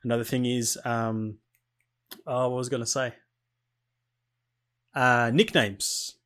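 A man in casual gaming chat, relaxed and rambling, laughing easily. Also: mid-range voice, takes it slowly.

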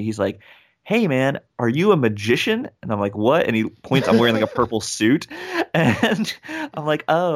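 A young man, a rapper, telling a story in a casual interview and acting out the people in it. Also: fairly low pitch. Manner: animated, acts out quoted voices. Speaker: guest, rapper and speaker.

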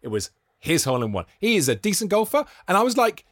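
A man's voice: high-pitched, fast talker, hardly any pauses, no echo, studio quality. A young man, a podcast co-host, telling stories in casual chat and acting out what people said. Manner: animated storyteller, acts out quoted voices.

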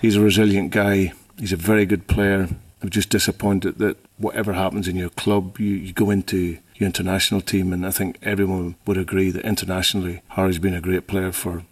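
Husky deep male football manager. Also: flat delivery, brisk, few pauses.

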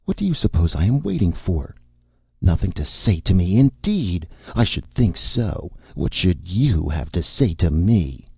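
A man voicing an indignant, proud young woman with sharp, offended exclamations in an audiobook reading. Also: deep voice, big pitch swings, measured pace, gravelly, slightly rough, no room sound, muffled recording, exaggerated voice. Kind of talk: audiobook narration.

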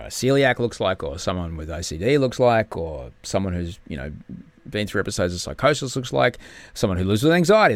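This TV host, a guest in a casual podcast chat, has a medium-pitched voice in a dry recording. Still in pain after surgery, he sounds subdued yet speaks openly, cursing and at times whispering.

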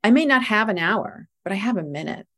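A middle-aged woman, a spiritual life coach, explaining ideas calmly in a casual podcast conversation. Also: mid-range voice, fairly quick.

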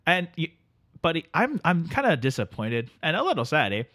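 A man's voice: fairly high pitch, huge pitch swings, a little fast, a bit bright, voice pushed up. A man voicing a friendly, easygoing Canadian buddy with a put-on Canadian accent who says "buddy" and "eh" in a rambling, apologetic way, as a comedy bit on a podcast. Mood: cheery. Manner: calls everyone buddy, ends lines with eh, apologetic and rambling.

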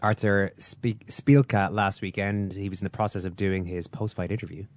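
A man's voice: low-pitched, steady tone, moderate pace, background noise. A man with an Irish accent hosting a casual sports chat podcast in a wry, amused way. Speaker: podcast host.

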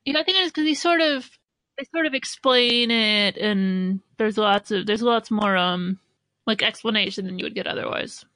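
A woman co-hosting a podcast, chatting casually and quick to agree. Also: mid-range voice, pushed and bright, no echo. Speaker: podcast co-host. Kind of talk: casual chat.

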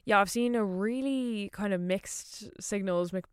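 Woman, podcast co-host, smooth clear voice, dry close sound, chatty and eager. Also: mid-range voice, measured pace, no echo. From Ireland. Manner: chatty and enthusiastic, with fillers like "kind of". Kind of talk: casual chat.

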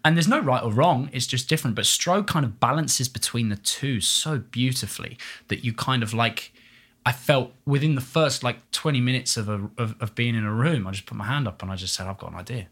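A man's voice: mid-range voice, a little fast, breathy edge. A man, a stage performer, chatting animatedly as a guest with many fillers. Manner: chatty and animated, full of fillers and quoted voices. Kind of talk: casual interview chat.

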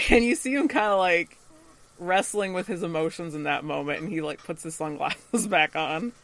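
A man co-hosting a podcast and recapping an episode in casual chat. He is animated, laughs often and acts out the characters' lines. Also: a little high, moderate pace, creaky.

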